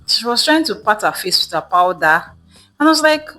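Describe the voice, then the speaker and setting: A woman's voice: mid-range voice, big pitch swings, moderate pace, pushed and bright, faint music behind, poor audio. A young woman telling a storytime vlog, chatty with many fillers, acting out what people said. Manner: chatty, many fillers, acts out quoted dialogue. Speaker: vlogger.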